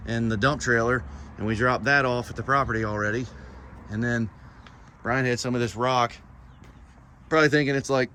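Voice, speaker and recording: A man's voice: mid-range voice, fairly even intonation, moderate pace, long pauses, pushed and bright, slight background noise. A man hosting his vlog, talking casually and rambling through his plans with plenty of fillers. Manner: rambling, with many fillers and restarts. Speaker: vlogger host.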